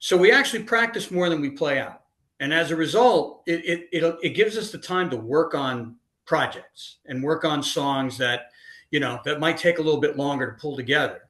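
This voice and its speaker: A man's voice: a little high, normal speed, a bit bright, roomy sound. A middle-aged man, a band leader, answering interview questions in an easygoing way.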